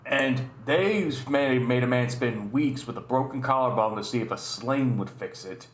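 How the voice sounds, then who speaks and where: A man's voice: mid-range voice, moderate pace, slight background noise. Rambling, swearing man in an echoey room. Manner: rambling, swears often, laughs at his own stories. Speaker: YouTube host. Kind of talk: casual storytelling and reaction commentary. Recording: roomy echo.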